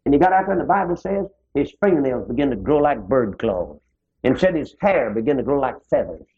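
A man preaching a sermon in a folksy way, his pitch rising and dropping suddenly. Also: sing-song, a little fast, husky. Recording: dull lo-fi old sermon tape.

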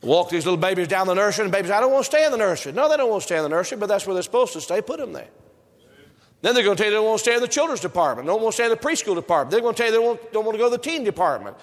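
A man's voice: high-pitched, animated, racing. A male preacher delivering a sermon with an emphatic, repetitive preaching cadence, recorded in a church sanctuary. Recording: reverberant hall.

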